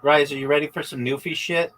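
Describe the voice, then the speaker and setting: A man livestreaming a game speaks fast in a fairly high, steady, fairly bright voice over poor audio. It's casual stream chat: he teases and swears at his teammates in profane banter and tells chatty stories, acting out both sides of conversations.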